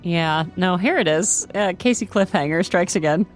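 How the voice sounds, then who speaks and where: A woman playing a tabletop game, chatting and asking quick questions. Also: on the low side, soft background music. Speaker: player.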